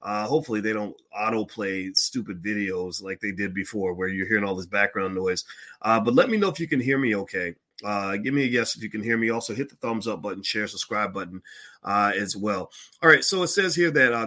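A man's voice: on the low side, bright, forceful tone. A man hosting a finance livestream, chatting casually with many fillers and restarts. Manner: chatty, frequent fillers, flares up in mock outrage. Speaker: finance show host.

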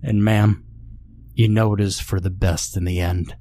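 A man's voice: lowish voice, a little hiss or hum. A man doing an old, frail, soothing pastor. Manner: calming, measured.

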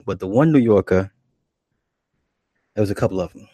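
Husky-voiced man telling crude stories. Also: lowish voice, moderate pace, mellow, no room sound. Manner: loose, profane, laughing asides. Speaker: comedic storyteller. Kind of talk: profane comic storytelling.

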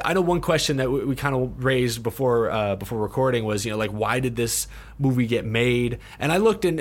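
A man co-hosting a podcast in a casual film review chat, speaking conversationally and stumbling over repeated words. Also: mid-range voice. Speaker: podcast co-host.

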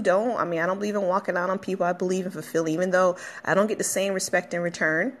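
A woman's voice: on the low side, fairly even intonation, fast talker, hardly any pauses. A woman hosting her own podcast, talking casually, emotional and encouraging, rambling a bit as she goes. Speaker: podcast host. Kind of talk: casual motivational podcast talk. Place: at her workplace, a dog barking nearby.

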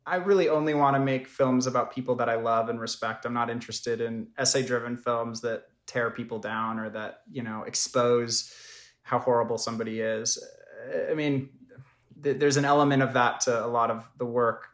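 A man's voice: mid-range voice, steady tone, brisk, fairly bright tone, reverberant. A man, a documentary filmmaker, talking through his work in an interview, thoughtful and full of fillers and restarts. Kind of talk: conversational interview.

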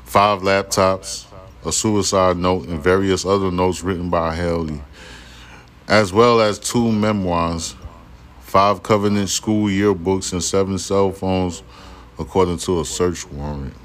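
Male podcast host, very low voice, reads articles aloud and rants with lots of swearing. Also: steady tone, measured pace. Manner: profane, irritated ranting between read passages. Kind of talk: reading news aloud with angry commentary.

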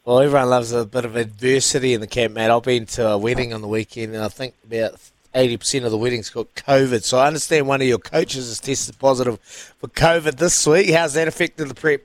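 A man's voice: medium pitch, fairly even intonation, brisk, dry recording. A man hosting a casual radio sports show, laid-back and chatty.

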